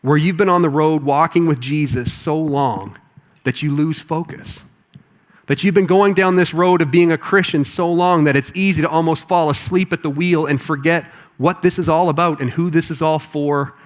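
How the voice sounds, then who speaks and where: A man preaching a sermon to a congregation in a conversational, animated way. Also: on the high side, normal speed. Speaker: pastor. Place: church auditorium with congregation.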